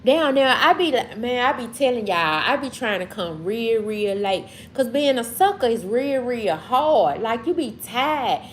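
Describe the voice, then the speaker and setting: Her voice runs on the high side and sounds animated, with a bit of background noise behind it. A Southern-accented livestream host from Mississippi, she drawls slowly while casually replying to comments and chat.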